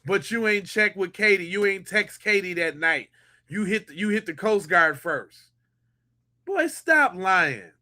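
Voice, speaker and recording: A man's voice: sits high, moderate pace, bright, forceful tone. A man hosting a podcast, a former police officer giving slangy, incredulous reaction commentary.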